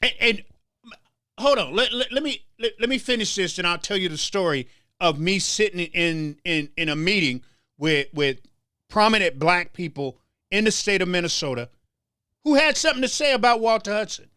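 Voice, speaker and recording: A man's voice: sits high, lively intonation, normal speed, pushed and bright, smooth, no echo, clean studio sound. A man hosting a political talk show, delivering a heated commentary monologue with stammered restarts and a preacher-like rhythm. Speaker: show host.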